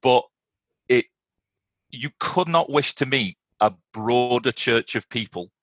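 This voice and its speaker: A man, a regular on a cricket show, chatting earnestly and fondly with frequent quick restarts. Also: medium pitch, a bit bright, no room sound. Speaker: podcast guest and fellow regular. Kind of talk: casual chat.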